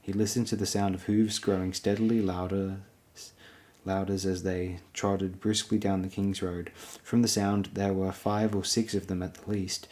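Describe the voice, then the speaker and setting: Deep-voiced male audiobook narrator. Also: flat delivery, normal speed, a little mellow. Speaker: audiobook reader.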